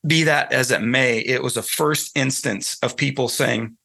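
A man's voice: mid-range voice, a little slow, gravelly, few pauses, bright, forceful tone. A man with a Southern accent from North Carolina, a guest author explaining his ideas in a thoughtful, storytelling way during an interview. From North Carolina, USA. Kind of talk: conversational interview.

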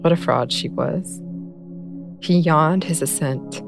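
A woman reading a story aloud in a soft, measured narration. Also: sits low. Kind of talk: scripted audiobook narration. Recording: narration over clear music bed.

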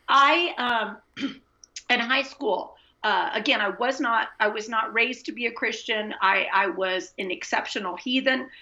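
Bright-voiced woman telling her story. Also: on the high side. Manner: animated, earnest, testimonial storytelling. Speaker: guest, Christian author and speaker. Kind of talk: interview storytelling. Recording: dull lo-fi sound.

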